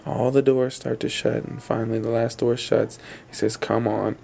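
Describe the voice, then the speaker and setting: A man's voice: mid-range voice, little pitch movement, normal speed, gravelly, dark tone. A man telling a spooky story aloud in a rambling, repetitive way, briefly voicing the people in it. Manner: rambling, repetitive, voices quoted characters. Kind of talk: spoken campfire-style storytelling.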